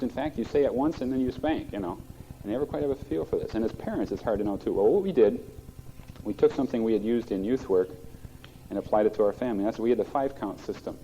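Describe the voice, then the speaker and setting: A middle-aged male pastor preaching in a plainspoken, folksy way. His voice sits a little low and sounds very dark and mellow. It comes through a dull, muffled old cassette recording. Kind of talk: sermon.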